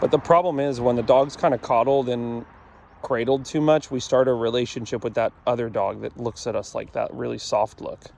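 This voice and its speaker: A man with a middle-pitched voice explains dog training outdoors in a blunt, matter-of-fact way, repeating his points. Faint traffic hum sits behind him. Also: fairly even intonation, moderate pace, creaky, darkish tone. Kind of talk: casual explanatory commentary while training.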